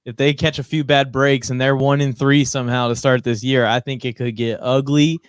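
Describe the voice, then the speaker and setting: A man's voice: medium pitch, little pitch movement, moderate pace, clear, resonant tone, no echo, studio quality. A man co-hosting a podcast, giving laid-back sports analysis in casual chat with a chuckle. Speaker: podcast co-host.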